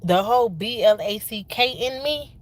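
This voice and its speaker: A woman's voice: fairly high pitch, lively intonation, normal speed. A woman in her thirties with a Georgia accent, venting casually on a livestream and repeating lines for emphasis with folksy Southern slang. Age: 30s.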